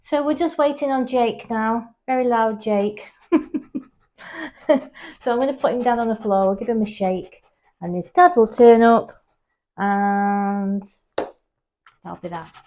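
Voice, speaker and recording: At a measured pace with frequent pauses, a woman with a dark tone explains her grooming work in a casual vlog. She's chatty, speaks to the dog in a high, coaxing way, and records indoors at the salon.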